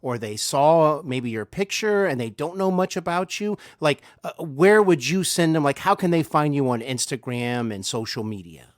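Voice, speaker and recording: A man's voice: a little high, animated, moderate pace, hardly any pauses, dry recording, clean studio sound. A man hosting an interview, easygoing and asking leading questions. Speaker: interview host.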